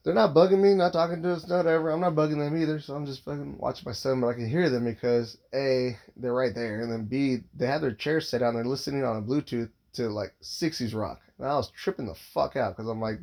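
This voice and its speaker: A man's voice: mid-range voice, fairly quick, creaky, few pauses, darkish tone. A man in his thirties, a father, telling a long casual story, rambling and swearing constantly with lots of filler words.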